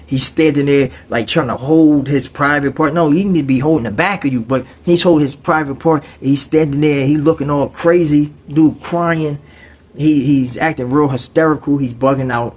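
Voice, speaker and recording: Husky man telling a story. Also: mid-range voice, a little mellow. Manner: streetwise slang, conversational, frequent asides. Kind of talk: casual storytelling.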